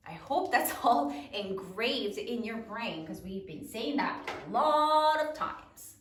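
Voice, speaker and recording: A woman's voice: fairly high pitch, expressive, slow pace, few pauses, a bit bright. A woman teacher leading a spelling lesson, sounding out words letter by letter in a sing-song cadence. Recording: roomy echo, voice a bit far from mic.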